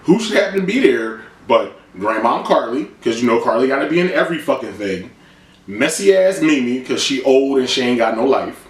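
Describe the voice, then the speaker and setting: A man's voice: medium pitch, expressive, a little fast. A man giving a blunt, sarcastic, profane comedic recap of a TV episode. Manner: loose, blunt and sarcastic, swears freely. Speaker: TV recap vlogger. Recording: roomy room, distant mic.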